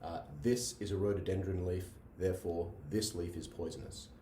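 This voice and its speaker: A man's voice: low voice, steady tone, moderate pace, mellow, a little hiss or hum. Man lecturing in an echoey classroom. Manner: repeats himself, checks in with "right?". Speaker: logic lecturer. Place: classroom with a board. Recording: echoey room, mic at a distance.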